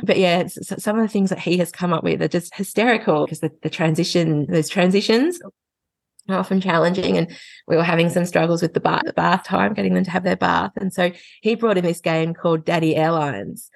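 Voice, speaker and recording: A woman speaks as a podcast guest, her voice low with a gravelly fry. She tells animated stories about her family and laughs often. The recording is dry and close. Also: brisk, dry recording. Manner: lively storytelling, laughing often. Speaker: guest, parenting educator. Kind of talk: casual podcast conversation.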